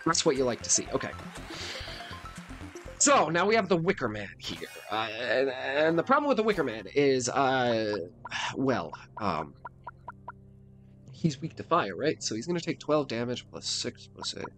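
A man's voice: mid-range voice, unhurried, long pauses, music in the background. A man giving playful gameplay commentary, talking directly to his viewers. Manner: playful, talks to viewers, animated. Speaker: let's play host.

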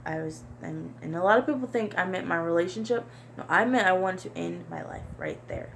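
A young woman vlogger talking to camera in a halting, repetitive, soft-spoken confessional monologue. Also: fairly low pitch, creaky, a little hiss or hum. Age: young adult.

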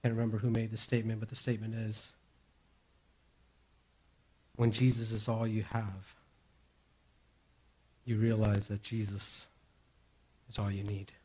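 Husky-voiced man preaching with passion. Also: lowish voice. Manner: impassioned preaching, swinging from raised declarations to hushed near-whispers. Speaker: pastor. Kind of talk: sermon.

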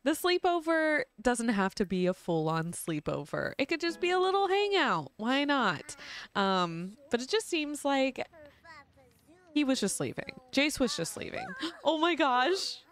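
A woman's voice: high voice, sing-song, measured pace, a bit bright. A young woman casually narrating her life-sim gameplay, chatty and giggly with lots of ums. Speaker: gaming channel host. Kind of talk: casual let's-play narration.

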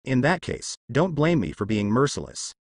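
A man voicing a cold, ruthless male navy vice admiral with a hoarse, icy delivery. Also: mid-range voice, big pitch swings, moderate pace, no room sound, clean studio sound, exaggerated voice.

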